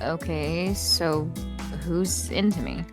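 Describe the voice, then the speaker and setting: Woman streamer, playful, hesitant, low pitch, lively intonation. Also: slow, over music. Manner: playful, hesitant, lots of fillers. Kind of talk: casual co-op game stream chat.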